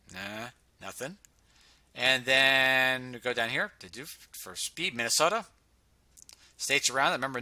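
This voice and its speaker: Sharp-voiced man talking through data. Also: mid-range voice, dry recording. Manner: sarcastic, hums filler sounds while scrolling. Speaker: presenter reviewing health data on screen. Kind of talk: casual screen-share commentary.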